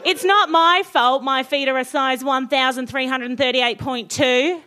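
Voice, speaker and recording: A woman voicing a clumsy, gangly young male wizard with a put-on Australian accent and a blunt, gruff manner, in a comic fan fiction reading. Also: high voice, fairly even intonation, a little slow, pushed and bright. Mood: grumpy.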